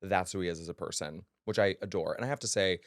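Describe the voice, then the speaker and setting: Man, 30s, podcast co-host. Sincere, chatty, filler-heavy; low-pitched, recorded dry. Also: fast talker, no echo. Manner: earnest, chatty, many fillers. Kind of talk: casual podcast chat.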